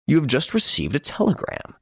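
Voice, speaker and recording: A man doing a gruff, baffled police detective. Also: on the high side, wildly swooping pitch, a little fast, dry recording, studio quality, voice pushed up, full character voice. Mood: incredulous. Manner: blunt, incredulous.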